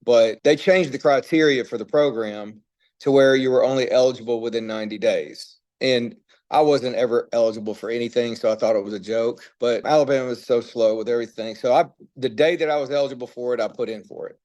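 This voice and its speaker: A middle-aged man speaks at an everyday pitch as a guest in an interview. His storytelling is candid and rambling, and he slips into the voices of the people he quotes. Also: a little fast, highs cut off. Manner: relaxed, rambling, tells stories with quoted dialogue.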